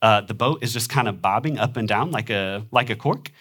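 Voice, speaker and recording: A man's voice: fairly low pitch, brisk, a bit bright. A young adult man with a nasal Midwestern accent, preaching a sermon in a conversational way with frequent ums and small laughs. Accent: Midwestern American. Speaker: pastor.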